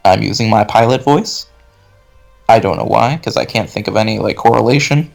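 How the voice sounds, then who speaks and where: A man's voice: fairly low pitch, moderate pace, creaky, soft background music. A man hosting a podcast, chatting casually about films with many fillers and restarts over a call. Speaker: podcast host. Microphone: video call.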